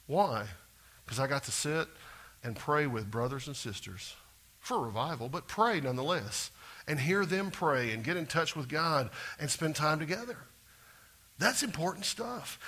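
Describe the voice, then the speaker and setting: Middle-aged man, pastor mid-sermon, bright, forward tone, animated, moving from quiet asides to loud emphasis. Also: a little high. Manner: animated, swings between soft asides and loud exclaiming.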